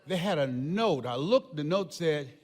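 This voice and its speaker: An older man giving a motivational speech to a live audience, telling stories with emphasis, often shouting and laughing. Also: fairly high pitch, animated, a little slow. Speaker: motivational speaker. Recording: long hall reverb.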